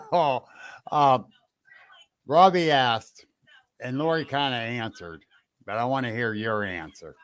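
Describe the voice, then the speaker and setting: Slow-talking man host, dry sound. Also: mid-range voice, smooth, no echo. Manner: relaxed, reads out listener questions. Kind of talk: casual interview chat.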